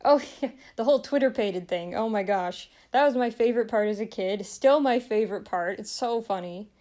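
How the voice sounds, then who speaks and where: A woman's voice: medium pitch, moderate pace, mellow. Chatty young woman rambling with laughs. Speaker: vlogger reviewing a film. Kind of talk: casual chat.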